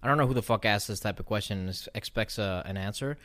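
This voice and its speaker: A man co-hosting a casual chat, telling animated stories and swearing freely. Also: on the low side, quick pace, dry recording. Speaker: podcast co-host.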